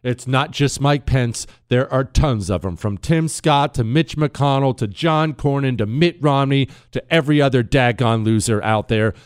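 A male talk show host speaks with a smooth, resonant voice into a close studio mic. The sound is dry and without room echo. He talks with emphatic sarcasm, swinging between mock glee and flat scorn. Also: medium pitch, normal speed, hardly any pauses. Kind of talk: opinion talk show monologue.

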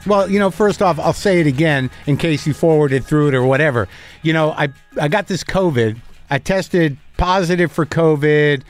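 A man's voice: fairly high pitch, moderate pace, soft background music. A male podcast host and comedian in a casual, rambling monologue, his voice stuffy, scratchy and a little tired, swearing freely and joking at his own expense. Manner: profane, self-deprecating, loose.

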